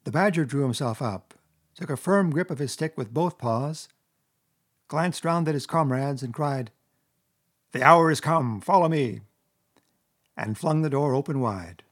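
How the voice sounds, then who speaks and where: A man narrating a classic children's story in a measured, expressive audiobook reading. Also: medium pitch.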